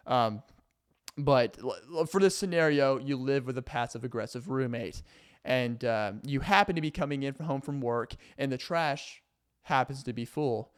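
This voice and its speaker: Smooth-voiced young man rambling comedically. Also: medium pitch, moderate pace. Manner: rambling, filler-heavy, self-interrupting. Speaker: vlogger. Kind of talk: casual comedic monologue.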